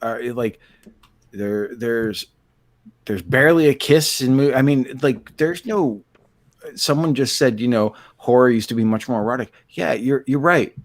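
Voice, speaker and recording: A man's voice: mid-range voice, unhurried, no room sound. A man co-hosting a casual podcast chat, asking rambling questions. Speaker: co-host.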